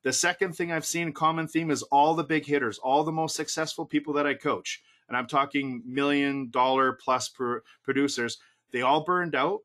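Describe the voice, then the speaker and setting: A middle-aged man coaching in a motivational webinar, at an ordinary middle pitch for a man. He keeps firing short rhetorical questions and says each point twice, in a loose, conversational way. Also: pushed and bright. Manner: repetitive, punchy rhetorical questions. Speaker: real estate coach.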